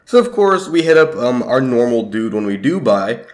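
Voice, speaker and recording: A teenage boy telling a life story to camera in a rambling, casual way, swearing often and swinging his pitch up and down. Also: animated, fast, few pauses. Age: teens. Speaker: YouTuber storyteller.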